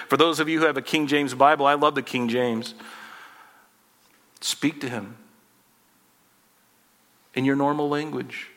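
A man's voice: mid-range voice, steady tone, unhurried, pauses often, fairly bright tone, big-room sound. A man in his forties preaching a sermon in a conversational, humorous way, acting out little dialogues. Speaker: pastor.

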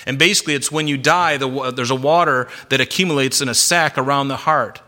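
Bright-voiced male preacher. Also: medium pitch. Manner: emphatic, varies loudness and slows for stress. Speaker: pastor. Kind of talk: sermon.

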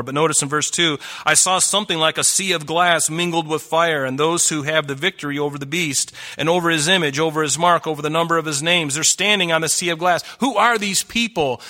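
Bright-voiced earnest male preacher. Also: on the high side. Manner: earnest, pleading, rising emphasis. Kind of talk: sermon.

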